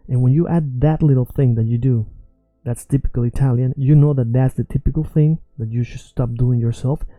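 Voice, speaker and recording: A man's voice: medium pitch, brisk, few pauses, no echo, narrow, tinny audio, faint music behind. A man teaching an online language lesson, talking casually and often checking in with "okay?" and "right?".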